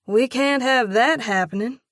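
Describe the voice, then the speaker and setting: A woman voicing the heroine of a romantic audiobook, a spirited young woman who answers in clipped, sharp retorts. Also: medium pitch, a little slow, dry recording, studio quality, voice pushed up, natural voice. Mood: defensive.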